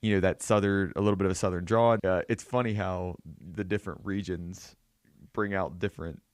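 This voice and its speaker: A male podcast host interviewing a guest, building up his questions by listing points before he asks. His voice is very deep. It is recorded dry and close, with no room sound. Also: fairly even intonation, fairly quick, dry recording. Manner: probing, lists points before asking. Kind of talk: casual interview chat.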